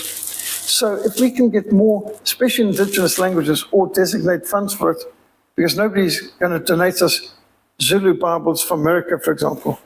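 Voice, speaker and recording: High, gravelly Rhodesian-accented man preaching. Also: slight background noise, rough recording. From Zimbabwe. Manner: emphatic, preacherly. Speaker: missionary speaker. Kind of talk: sermon-style appeal.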